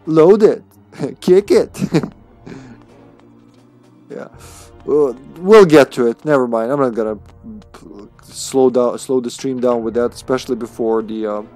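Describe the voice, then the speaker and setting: Over soft background music, a man streams a video game in a mid-range, slightly mellow voice at a normal speed. He chats casually and playfully through his gameplay commentary, often laughing at himself.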